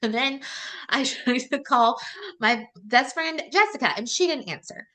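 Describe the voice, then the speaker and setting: A woman's voice: sits high, a little slow. A woman podcast host, telling a personal story in casual chat, with lots of fillers and laughter. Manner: chatty, animated, many "like" fillers and laughs.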